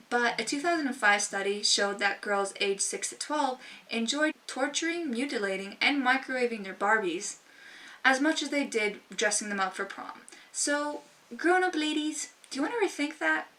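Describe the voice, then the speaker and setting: Sassy young woman vlogging, bright voice. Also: fairly high pitch. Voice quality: sassy, emphatic and informal. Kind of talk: casual talk to camera. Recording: voice slightly distant from mic.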